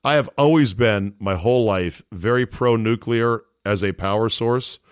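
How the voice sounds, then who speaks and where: Opinionated podcast host, dry close sound. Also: male voice, lowish voice, normal speed, smooth, no echo. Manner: blunt, opinionated, swears freely. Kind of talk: casual chat.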